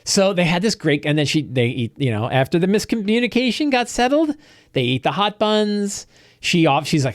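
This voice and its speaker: A man, the game master, recapping a tabletop game session in a rambling, animated storytelling way. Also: on the high side, moderate pace, no room sound, clean studio sound. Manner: rambling, animated storytelling with quoted character lines.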